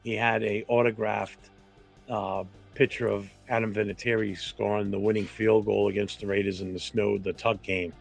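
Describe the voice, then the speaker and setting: A man with a New England accent hosting a casual fan talk stream, blunt, opinionated and quick to swear. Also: fairly low pitch, level tone, gravelly, soft background music. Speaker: fan show host.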